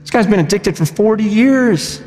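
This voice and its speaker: Male pastor, slightly higher voice, animated conversational sermon, long hall reverb. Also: moderate pace. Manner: animated, conversational storytelling with bursts of shouting. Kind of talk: sermon storytelling.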